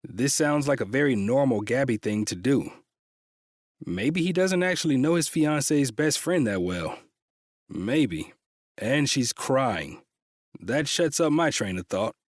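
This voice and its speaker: A man's voice: medium pitch, animated, takes it slowly, dry recording, studio quality. A man reading a first-person romance audiobook with a tense, frustrated delivery and frequent swearing. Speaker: audiobook narrator.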